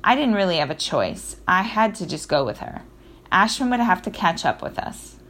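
A woman narrating a children's audiobook in the first person, in a lively storytelling manner with occasional self-corrections. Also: medium pitch, normal speed.

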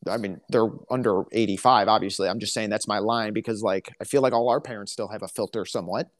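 A man's voice: fairly low pitch, fairly even intonation, quick pace. A man co-hosting a casual podcast, telling stories in a chatty, dry, joking way. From Alabama, US. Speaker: podcast co-host. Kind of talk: casual chat.

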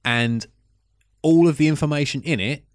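A man's voice: on the high side, moderate pace, dry recording. Dry, sardonic man. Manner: dry, sardonic, reads out his notes. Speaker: film podcast co-host. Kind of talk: casual film discussion.

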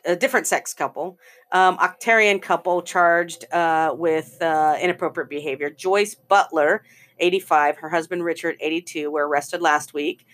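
A woman's voice: sits low, steady tone, normal speed, fairly bright tone. A woman co-hosting a casual talk show, chatting loosely, laughing and swearing freely. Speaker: podcast co-host. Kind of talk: casual chat.

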